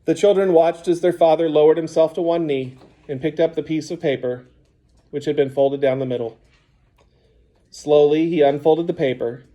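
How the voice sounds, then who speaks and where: A man narrating a children's audiobook in a measured storytelling manner. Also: mid-range voice, warm tone.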